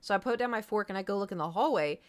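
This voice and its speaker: A woman's voice: medium pitch, very fast. Chatty woman streamer telling a rambling story. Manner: rambling, filler-heavy, candid and profane. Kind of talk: casual storytelling to chat.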